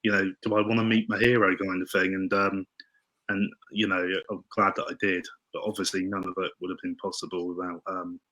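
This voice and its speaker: A man telling stories as a podcast guest, excitable and tripping over his words. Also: sits low, rough recording. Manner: excitable, tumbling restarts. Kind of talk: casual storytelling interview.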